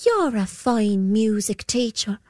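A woman's voice: mid-range voice, very animated, slow, a little mellow, dry recording, clean studio sound. A woman voicing a polite, plucky young piper boy in a storybook tale. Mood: wondering. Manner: polite, wondering.

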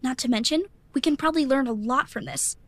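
A woman playing an eager, know-it-all schoolgirl with a quick, confident delivery in an audio drama. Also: high-pitched, a bit bright, dry recording. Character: smart eager schoolgirl, teacher's pet.

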